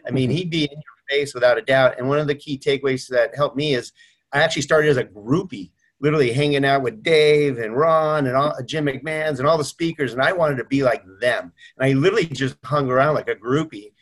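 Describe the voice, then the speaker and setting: A man's voice: mid-range voice, brisk. A middle-aged man on a video call, telling heartfelt stories about his mentor and acting out quoted voices. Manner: earnest storytelling, acts out quoted voices. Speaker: mortgage company owner. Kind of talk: video call tribute chat.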